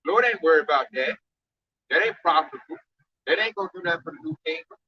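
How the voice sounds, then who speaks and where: High-voiced scolding man. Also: fast, creaky. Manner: animated, slangy, scolding. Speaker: speaker at a camp teaching. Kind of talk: informal preaching. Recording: dull dry recording.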